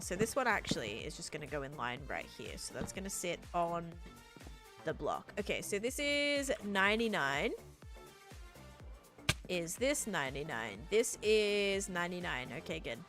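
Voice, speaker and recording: A woman's voice: fairly low pitch, very animated, normal speed, music in the background. Bubbly Australian woman streaming a game. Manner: chatty, reads and answers chat while building, bubbly. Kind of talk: casual live-stream chat while gaming.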